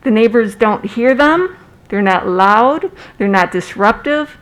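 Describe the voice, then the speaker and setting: A woman's voice: on the high side, lively intonation, slow, rough recording. A middle-aged woman giving earnest, direct public comment at a city meeting, speaking from personal experience.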